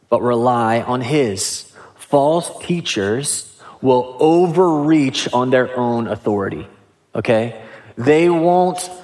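A pastor preaching a sermon in a conversational way, with casual asides and questions to the congregation. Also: male voice, mid-range voice.

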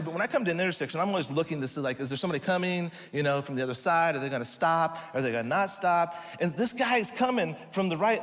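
Joking man telling a story in a hall. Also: a little high. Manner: animated, joking, lively storytelling. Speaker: speaker telling a mission trip story. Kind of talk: humorous sermon storytelling. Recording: long hall reverb.

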